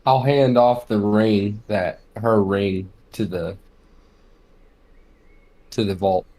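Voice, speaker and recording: A man's voice: fairly low pitch, steady tone, takes it slowly, mellow, rough recording. A man playing a tabletop game, chatting casually and cracking playful jokes. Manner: playful, jokey. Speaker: player.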